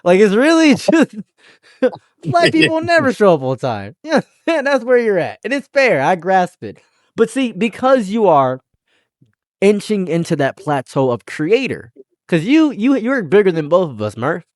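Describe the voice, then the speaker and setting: A man hosting a casual commentary chat, rambling and joking with excitable bursts. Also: sits high, moderate pace, no echo, studio quality. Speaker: channel host.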